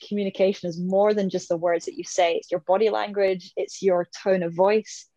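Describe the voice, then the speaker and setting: A woman's voice: medium pitch, level tone, a little fast, dark tone, dry recording, muffled recording. A woman in her thirties, talking as an interview guest in a casual, chatty way, laughing often and playing out little voices. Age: 30s.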